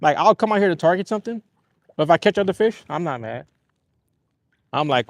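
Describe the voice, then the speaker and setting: A man with a slightly higher voice rambles casually through a story while fishing from a kayak on a lake. His voice sounds dry and close, with hardly any echo around it. He tells stories in a relaxed way and laughs easily. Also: brisk. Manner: rambling, laid-back storytelling with easy laughs. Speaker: fishing livestream host. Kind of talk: casual live-stream chat.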